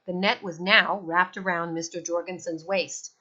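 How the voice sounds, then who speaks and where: A woman reading a children's novel aloud in an expressive storytelling voice, in a slightly dull recording. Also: on the low side, moderate pace.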